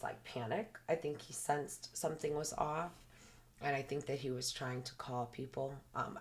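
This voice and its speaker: A woman's voice: rumbling low, a little hiss or hum. A woman, a podcast guest, earnestly retelling a personal experience in detail, often saying "like" as she talks. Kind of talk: personal storytelling in a podcast interview.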